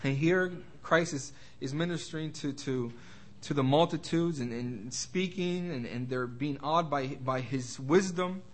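A young man with a slightly raised voice gives an informal Bible study sermon. He trips over his words and restarts often. When he quotes scripture, he slows down and leans on it. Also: fairly high pitch. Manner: halting, many restarts and repeated words. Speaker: Bible teacher.

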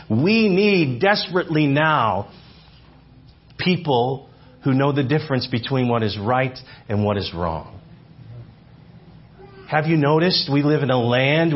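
A man in his forties preaching a sermon in church, animated, repeating phrases for emphasis and asking the congregation questions. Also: on the high side, slightly rough, lo-fi sound. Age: 40s. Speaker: visiting speaker. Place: church sanctuary.

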